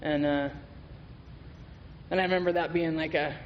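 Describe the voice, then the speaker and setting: A man's voice: on the high side, fairly even intonation, normal speed, highs cut off. A man giving a candid, profane recovery testimony as a guest speaker at a meeting, telling his story with laughs. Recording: reverberant hall with faint noise.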